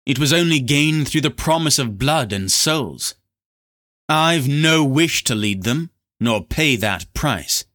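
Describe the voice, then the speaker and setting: A man's voice: medium pitch, lively intonation, slow pace, fairly bright tone, no echo, clean studio sound, voice pushed up. A man voicing a proud young prince who speaks in a cold, clipped, defiant way.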